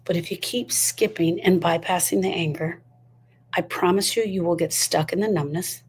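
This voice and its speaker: A woman's voice: on the low side, moderate pace, breathy edge. A woman giving a motivational talk on grief, emphatic and full of repeated rhetorical questions. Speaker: grief educator.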